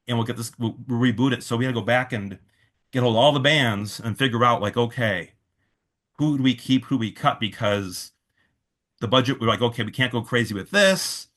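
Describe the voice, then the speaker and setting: A man's voice: medium pitch, fairly bright tone. Chatty man telling a rambling story. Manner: rambling, full of "like" and restarts, quotes others in his own voice. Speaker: festival organizer, interview guest. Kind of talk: casual storytelling in an interview.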